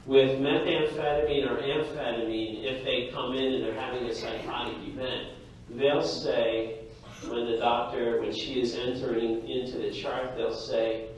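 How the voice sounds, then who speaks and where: A male lecturer giving a lively, jokey classroom lecture and talking straight to his students. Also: medium pitch, a little slow, a little hiss or hum. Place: lecture hall. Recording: echoey hall from far off.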